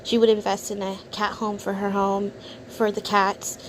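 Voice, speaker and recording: A woman's voice: mid-range voice, flat delivery, moderate pace, slight background noise. A woman hosting a reaction video, commenting in a sneering, contemptuous way.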